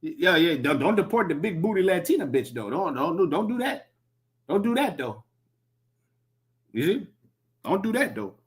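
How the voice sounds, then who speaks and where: A man's voice: high-pitched, sing-song, moderate pace, pauses often. A man giving a profane, emphatic preaching commentary, repeating himself and reading scripture aloud. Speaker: religious commentator.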